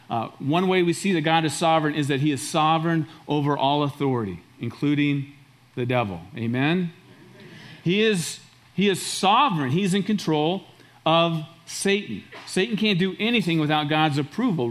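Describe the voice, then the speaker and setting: Emphatic higher-voiced male pastor. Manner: emphatic, repeats phrases for stress. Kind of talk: sermon.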